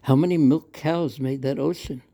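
A man's voice: fairly high pitch, steady tone, normal speed, warm tone, pitched above the performer's own voice, natural voice. A man voicing a small, playful boy god who pleads and insists on getting what he wants. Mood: insistent.

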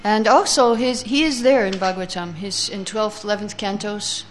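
A woman teaching a scripture class who chants verses slowly, then reads the translations and explains them, taking answers from her listeners. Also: mid-range voice, soft background music.

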